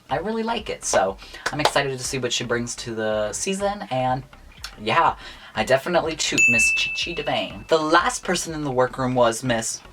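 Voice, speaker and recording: A man's voice: mid-range voice, noisy background. A young man in a casual vlog, chatting through his opinions on contestants' looks, gushing one moment and blunt the next. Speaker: YouTuber reviewing contestants' looks.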